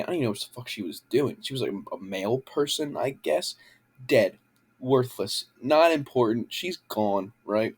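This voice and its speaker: Husky young man ranting animatedly. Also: lowish voice. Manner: animated, swearing, rambling with many fillers. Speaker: vlogger. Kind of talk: casual ranting review. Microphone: handheld camera.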